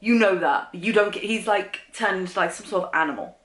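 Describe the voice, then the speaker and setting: Woman vlogger, sarcastic and exasperated, mid pitch, roomy home recording. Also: a little fast, fairly bright tone. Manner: sarcastic, exasperated, nervous laughter. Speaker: book reviewer. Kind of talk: casual book reaction vlog. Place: room at home. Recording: roomy echo.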